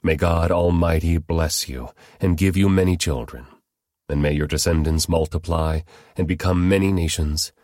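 A man voicing an aged, grave father who speaks in slow, solemn pronouncements. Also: low-pitched, fairly even intonation, a little mellow, dry recording, clean studio sound, close to an everyday voice.

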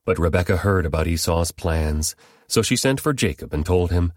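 Deep-voiced man narrating a Bible story. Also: lively intonation, normal speed, no room sound, studio quality.

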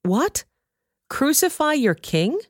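Woman voicing a stern roman governor guy, sharp questions, pitched up, dry sound. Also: very animated, takes it slowly, no room sound, full character voice. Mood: demanding.

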